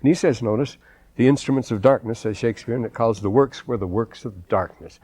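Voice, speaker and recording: A man's voice: mid-range voice, brisk, warm tone, no echo. A man giving a scripture lecture in a wry, digressive way, often restarting his sentences and quoting old texts. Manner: digressive, wry, quotes German and Shakespeare freely; frequent restarts and repeated words.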